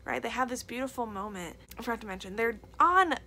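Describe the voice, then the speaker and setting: A woman's voice: on the high side, expressive, fast, sharp tone, a little hiss or hum. A young woman reviewing a book in a casual vlog, gushing and emotional, repeating herself with lots of fillers.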